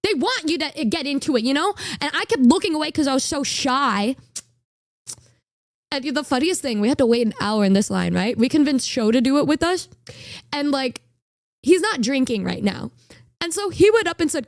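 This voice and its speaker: A woman's voice: sits high, animated, moderate pace, no echo, studio quality. A woman in her twenties, a streamer telling a story in casual chat, rambling and stammering with a bashful, giggly manner.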